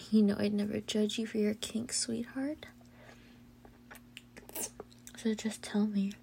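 Taking on the part of a teasing girlfriend, a female audio role-play performer whispers breathily with soft hums and giggles. Her medium-pitched voice moves little in pitch, keeps a moderate pace, and sounds close to everyday speech, with slight background noise.

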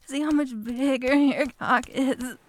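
A woman performing an adult audio role-play, breathy and pleading, with moaning between her lines. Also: high voice, fairly even intonation, unhurried.

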